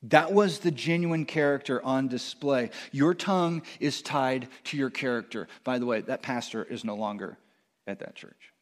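A middle-aged pastor delivers a sermon in a mid-range voice. He is animated, gets loud on quoted lines, and trips into quick restarts.

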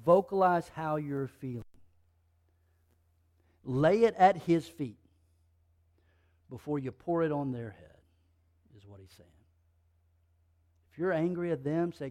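A man preaching a sermon, driving points home through repetition and swinging between loud bursts and hushed asides. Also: on the high side, slow, long pauses. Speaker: pastor.

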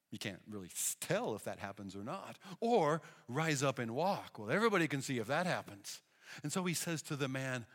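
A man preaching a sermon, telling Bible stories in an animated way and acting out the people he quotes. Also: medium pitch, unhurried. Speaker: pastor. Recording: long hall reverb.

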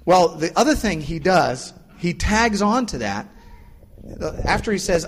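A man's voice: measured pace, breathy edge. A male pastor giving a casual, explanatory sermon. He acts out the voices of the people in his stories. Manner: casual and explanatory, acts out quoted voices with lively pitch jumps. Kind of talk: conversational sermon. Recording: long reverb of a large hall.

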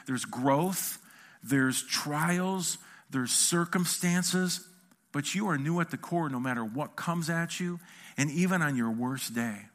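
A male pastor delivers a sermon in a church with a high, light voice. His preaching is conversational yet emphatic, swinging between punchy declarations and quieter asides. He acts out quoted lines as he goes.

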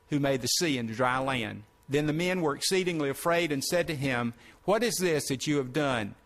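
Man preacher, higher voice, reads scripture and breaks in with comments. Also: fairly bright tone. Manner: reads verses then breaks in to explain. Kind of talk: sermon reading scripture with commentary.

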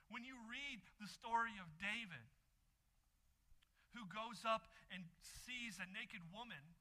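Pastor, male, preaching with emphatic repetition and pauses; sharp, forceful tone. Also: sits high, poor audio. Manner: emphatic preaching with repeated phrases and dramatic pauses. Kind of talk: sermon.

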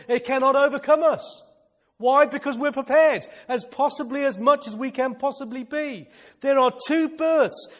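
A male preacher delivering a fervent sermon, repeating phrases for emphasis and sometimes shouting with excitement. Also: extremely high pitch, big-room sound.

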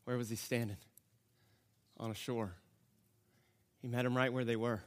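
A man's voice: medium pitch, moderate pace. A man preaching a sermon in a conversational style, telling the story with animation and breaking off to restart sentences. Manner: animated storytelling, acting out the characters. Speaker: pastor.

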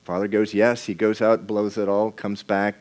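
A man's voice: on the low side, flat delivery, moderate pace, darkish tone. A man preaching a sermon in a conversational way, asking the congregation questions and often repeating and restarting words.

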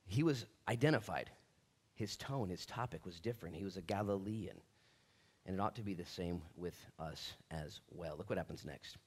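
A middle-aged male pastor preaching a sermon in a lively, animated way, acting out the voices of people in the story. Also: sits low, moderate pace, breathy edge.

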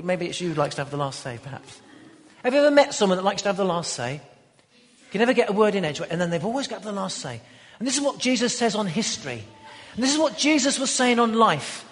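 A man preaching a sermon in an emphatic manner, building to loud declarations. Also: sits high, sing-song, quick pace. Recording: long hall reverb.

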